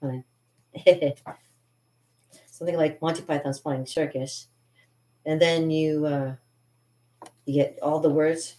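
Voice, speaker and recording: A woman's voice: deep voice, fairly even intonation, takes it slowly, long pauses, dark tone, reverberant. A woman vlogging about cartooning in a chatty, giggly way, reading her own poetry aloud with theatrical drama.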